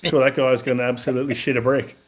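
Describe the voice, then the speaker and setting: A man's voice: medium pitch, level tone, fast talker. A man co-hosting a podcast, making blunt, wry remarks about a news clip. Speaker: podcast co-host. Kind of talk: casual commentary on a news clip.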